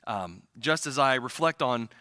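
Bright-voiced pastor in a reverberant hall. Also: male voice, mid-range voice, animated, measured pace. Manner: conversational, warm humor with many restarts. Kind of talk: sermon. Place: church sanctuary. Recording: long reverb of a church hall.

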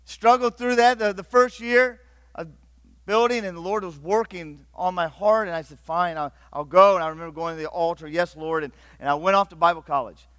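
A middle-aged man from Northeast Ohio preaching a sermon, swinging between loud urgent bursts and hushed, intimate passages. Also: high voice, a little fast, clean tone, no echo. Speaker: pastor.

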